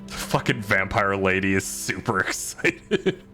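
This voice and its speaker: A man's voice: low voice, expressive, a little slow, bright, forceful tone, soft background music. A man casually commenting while playing a game, joking and swearing, laughing often.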